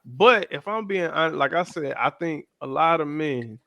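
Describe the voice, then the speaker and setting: A man in his thirties co-hosting a podcast, speaking in an animated, slangy chat. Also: normal speed, no echo. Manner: animated, slangy, jumps into high-pitched voices when quoting others. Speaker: podcast co-host. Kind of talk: casual chat.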